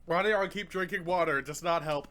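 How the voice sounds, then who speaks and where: Pained bright-voiced young man reviewing. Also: a little high, fast. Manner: rambling, pained, swearing and groaning between points. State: in pain from eating a hot pepper, coughing. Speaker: book reviewer. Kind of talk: casual vlog review while in pain from hot pepper.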